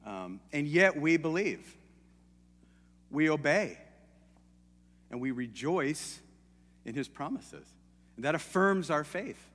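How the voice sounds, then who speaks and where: A man's voice: fairly high pitch, big pitch swings, slow, pauses often, fairly bright tone, in a large hall. A man preaching a sermon in an earnest, hesitant way, often restarting his sentences.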